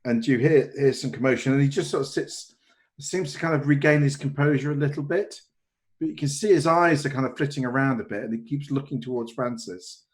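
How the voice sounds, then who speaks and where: Man, game master, medium pitch, hesitant narration, horror tabletop game. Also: fairly quick. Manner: hesitant, lots of "kind of" and restarts.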